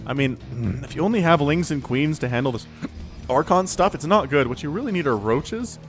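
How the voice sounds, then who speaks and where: A man calls a real-time strategy match by himself, his voice leaping up and down and sitting a little high. He talks in an excitable, chatty way with jokes on the side and a case of the hiccups. Soft music plays faintly under him. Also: fairly quick. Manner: excitable, laughs often, chatty asides. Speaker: game commentator. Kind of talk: solo esports play-by-play commentary.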